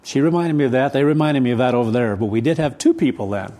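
Hurried older male preacher rambling fast. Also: medium pitch, mellow. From United States. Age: 70s. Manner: rushed, rambling, restarts often. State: adrenaline-charged, hurried. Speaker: pastor. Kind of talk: sermon. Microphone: camera set up for recorded service.

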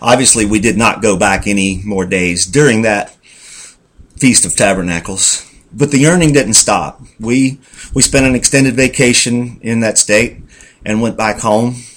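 Folksy man telling his testimony. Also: mid-range voice. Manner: folksy, rambling, talks to himself as "Self"; earnest, reflective. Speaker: church member giving a testimony. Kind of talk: personal testimony storytelling.

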